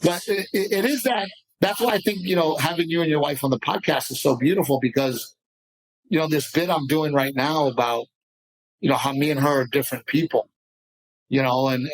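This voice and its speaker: A man's voice: fairly high pitch, low-quality recording. A man, a comedian guest in a casual podcast interview, talking passionately in rambling bursts. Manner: passionate, rambling, animated storyteller.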